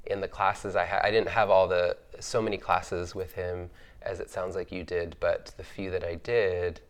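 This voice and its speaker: A man's voice: deep voice, little pitch movement, normal speed. A man on an artist panel, telling stories about his early influences in a thoughtful, chatty way, with lots of fillers and easy laughter. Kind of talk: reflective conversational storytelling.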